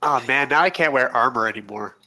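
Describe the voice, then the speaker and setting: Eager male player at a tabletop game, bright tone. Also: medium pitch, fairly quick. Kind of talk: casual tabletop play.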